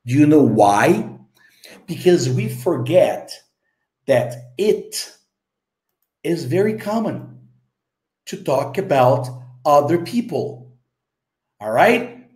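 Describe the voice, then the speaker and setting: A Brazilian man with a Brazilian Portuguese accent teaching English. He explains phrases slowly and keeps checking in with "okay?" and "right?". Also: fairly high pitch, darkish tone, roomy sound. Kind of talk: explaining a story lesson.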